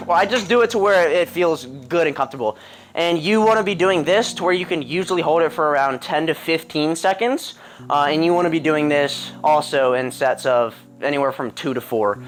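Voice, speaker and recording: Young male coach, voice a bit high, loose rambling delivery full of ums, soft music behind. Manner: rambling, many ums and throat clears. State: a little out of breath. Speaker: calisthenics coach. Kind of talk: casual fitness tutorial. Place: home with a pull-up bar.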